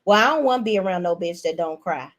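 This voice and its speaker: A young adult woman giving a blunt, profane, animated rant as host of a reality TV recap. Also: lowish voice, fast talker, dull audio. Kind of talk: casual ranting commentary.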